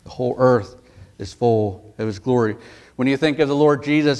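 A male pastor reading scripture and preaching a sermon, earnest and emphatic, rising in pitch and force at key points. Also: moderate pace, a little mellow.

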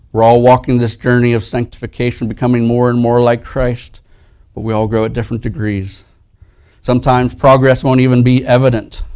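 A man preaching a sermon as pastor, soft and slow in prayer, lifting his voice when he reads scripture aloud. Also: mid-range voice, smooth. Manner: earnest, rises and grows louder when reading scripture.

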